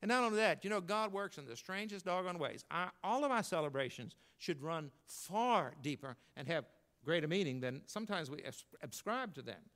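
An older pastor with a drawl delivers his sermon in a folksy, storytelling way. His voice sits a little high for a man. He builds to emphatic points and then drops to a low, confiding tone. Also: expressive, moderate pace, a bit bright.

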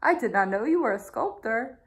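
A gushing, admiring circle shape speaks in a bright, high, sing-song voice, as a woman reading a storybook puts her on. Her praise rises and falls in big swoops. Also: expressive, a little fast. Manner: bright, effusive, high and lilting.

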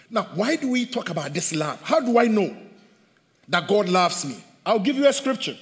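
A man preaching a sermon as pastor, animated, swinging between loud bursts and hushed asides. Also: fairly high pitch, moderate pace, in a large hall. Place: church hall.

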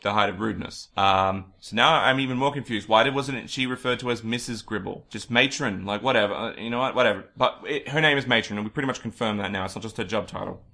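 A man co-hosting a podcast in casual chat, rambling with animated asides. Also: fairly low pitch, fast talker, gravelly, hardly any pauses. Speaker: podcast co-host.

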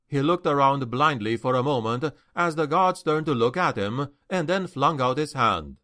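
Man, audiobook narrator, expressive, animated intonation, mid pitch. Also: normal speed, few pauses.

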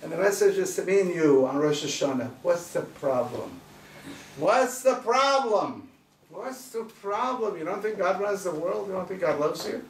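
Rabbi, male, preaching with insistent repeated questions; high, gravelly voice; faint background noise. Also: brisk, few pauses, darkish tone. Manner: emphatic, repeats rhetorical questions. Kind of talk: sermon. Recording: roomy distant recording, faint noise.

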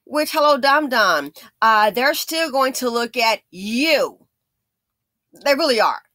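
Woman commentator with a bright, forceful voice and a slightly high pitch, preachy and sassy, recorded dry. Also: lively intonation, slow pace, no room sound. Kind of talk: true-crime commentary.

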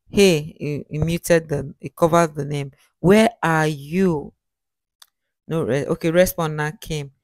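A host reads text messages aloud at a middle pitch and comments on them. The sound is dry and close, with no room around it. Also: darkish tone, no echo.

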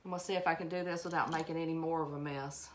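Racing through her words in a low, steady voice, a middle-aged woman with an Alabama Southern accent demonstrates a craft project live, with a little hiss or hum audible. As the stream's host she chats and rambles, greeting viewers and laughing at herself.

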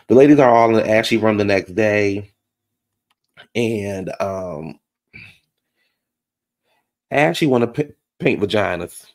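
Gravelly-voiced sassy man recapping gossip. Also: fairly low pitch, animated, slow, long pauses, darkish tone. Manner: sassy, gossipy, calls listeners baby and honey. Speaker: reality TV recap host. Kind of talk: casual reality show recap commentary.

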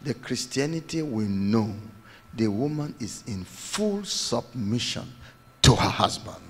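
A man's voice: medium pitch, expressive, takes it slowly, husky, big-room sound. A man preaching a sermon as pastor, emphatic, repeating his phrases and acting out quotes.

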